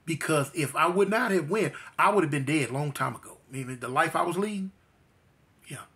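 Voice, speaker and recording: A man's voice: on the high side, a little fast, a bit bright. A man telling his personal testimony, speaking emphatically and repeating phrases for weight. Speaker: guest telling his life story.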